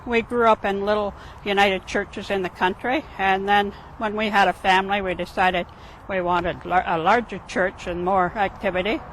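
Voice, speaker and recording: A man, a longtime church member, giving a plain personal testimony with some halting restarts. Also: high voice, steady tone, a bit bright, slight background noise, low-quality recording.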